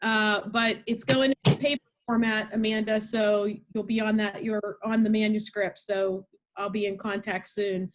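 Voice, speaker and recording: A woman mentor on a video call praising her student, halting with fillers and sounding moved. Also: mid-range voice, poor audio. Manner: warm and emotional, halting with fillers. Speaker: research mentor. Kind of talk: casual spoken tribute on a video call.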